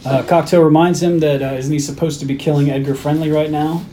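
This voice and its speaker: A man's voice: fairly high pitch, fairly even intonation, brisk, dark tone, slight background noise. A man co-hosting a podcast, casually recapping a movie plot scene by scene with frequent fillers. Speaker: podcast co-host.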